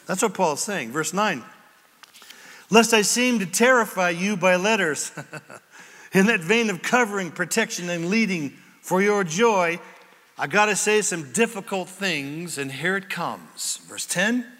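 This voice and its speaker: Male pastor, high lively voice, bright tone, jokey sermon delivery. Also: a little slow. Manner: animated, jokey, acts out quoted voices. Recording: echoey hall.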